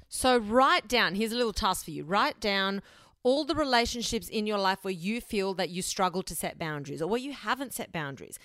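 A woman's voice: lowish voice, dry recording, studio quality. A young woman hosting a solo advice podcast, speaking bluntly and frankly, with casual swearing. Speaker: podcast host.

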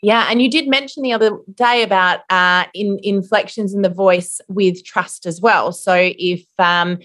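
A woman's voice: mid-range voice, fairly even intonation, normal speed, fairly bright tone. Affirming woman podcast host. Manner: affirming, conversational questions. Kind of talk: podcast interview.

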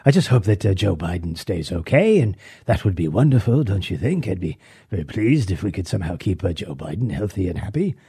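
A man putting on a soft, mincing voice to mock a prim, posh man. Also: sits low, big pitch swings, a little fast, breathy edge, no room sound, clean studio sound, voice pushed down, full character voice. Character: mocking prim, posh man hoping for things.

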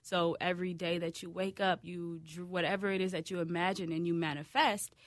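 A woman business owner being interviewed on the radio, speaking softly and hesitantly. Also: fairly low pitch, level tone, brisk, no room sound. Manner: soft-spoken, hesitant, giggly. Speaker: small business owner guest.

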